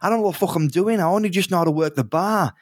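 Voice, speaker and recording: A man's voice: high voice, racing, no echo, studio quality, pitched above the performer's own voice. A man voicing a jumpy, foul-mouthed young male innkeeper who snaps and swears. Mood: flustered. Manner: swears constantly, snappy and flustered.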